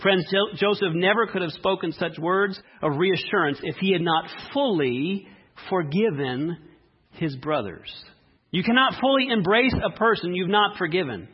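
A man preaching a sermon, reading scripture dramatically and speaking with emphasis and long pauses. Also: sits high, expressive, breathy edge, muffled recording. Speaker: pastor.

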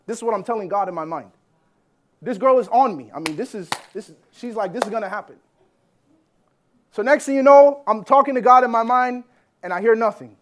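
A man preaching a sermon as a personal story, animated, swinging between loud bursts and hushed lines. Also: sits high, brisk, long pauses. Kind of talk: sermon testimony.

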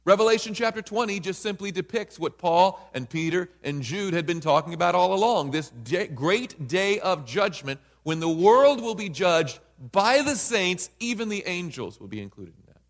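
A man's voice: high voice, expressive, normal speed, hardly any pauses, long reverb tail. A man preaching a Bible study sermon in an emphatic way, often checking in with listeners by asking "right?".

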